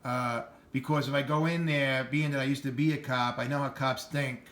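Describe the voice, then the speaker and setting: A man's voice: medium pitch, fairly even intonation, normal speed, a bit bright. A middle-aged man with a New York accent talking bluntly and rambling in a casual vlog. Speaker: channel host.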